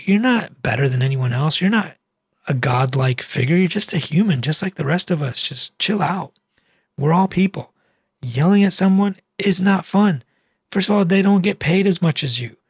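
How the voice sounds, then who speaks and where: A man's voice: on the high side, breathy edge, dry recording, clean studio sound. A male physician giving a casual, emphatic vlog talk, with repetitive phrasing and slang.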